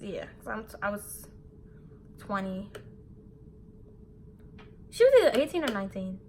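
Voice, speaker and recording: A woman in her twenties tells a personal story in a candid, animated way, with casual swearing along the way. Her voice sits a little high. A faint hum of background noise runs under the recording. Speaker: beauty vlogger. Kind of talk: storytime vlog while getting ready.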